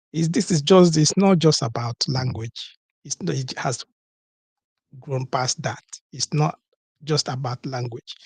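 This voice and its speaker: A man's voice: mid-range voice, slightly rough, dry recording. A man hosting a call-in talk show, talking emphatically, repeating key words and asking rhetorical questions. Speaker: podcast host.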